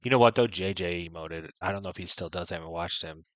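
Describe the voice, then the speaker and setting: A man's voice: deep voice, quick pace, no room sound. A man streaming a strategy game, giving frank, chatty commentary full of "right?" and "you know". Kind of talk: casual gameplay commentary.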